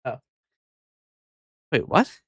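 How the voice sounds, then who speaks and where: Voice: drawn-out words, a bit bright, no echo, clean studio sound. A VTuber streamer chatting casually on a live stream, rambling and hesitant, often muttering to themself.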